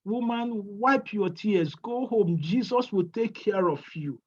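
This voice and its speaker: A woman's voice: medium pitch, animated, a little slow, darkish tone. A woman voicing an elderly grandmother giving an earnest testimony in a sermon. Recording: dull lo-fi church recording.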